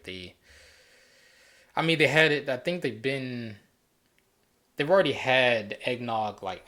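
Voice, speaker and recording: A man's voice: lowish voice, fairly bright tone. A man hosting a casual solo talk show, rambling easily with frequent restarts and fillers. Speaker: podcast host.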